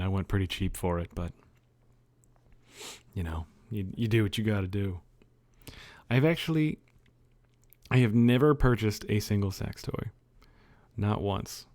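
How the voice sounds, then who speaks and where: A man's voice: fairly low pitch, a little mellow. A man livestreaming from his bedroom, chatting loosely with viewers, rambling, joking and swearing. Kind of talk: casual chat with viewers. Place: own dimly lit bedroom.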